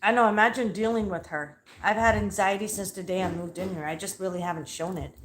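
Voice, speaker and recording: A woman's voice: mid-range voice, brisk, a bit bright, a little hiss or hum. A woman hosting a livestream from home, telling a story in a blunt, profane, fired-up way. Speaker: livestream host. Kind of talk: heated casual rant. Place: at home with dogs nearby. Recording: roomy echoey sound.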